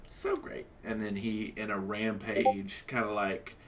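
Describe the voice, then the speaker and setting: A man's voice: lowish voice, monotone, unhurried, very noisy. A man narrating as dungeon master in a loose, rambling way, full of fillers and self-corrections. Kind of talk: improvised tabletop game narration.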